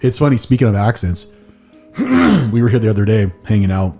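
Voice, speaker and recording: A man hosting a podcast, chatting in a relaxed way and telling stories, now and then swearing. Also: fairly low pitch, fairly quick, faint music behind. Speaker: podcast host. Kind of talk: casual podcast chat.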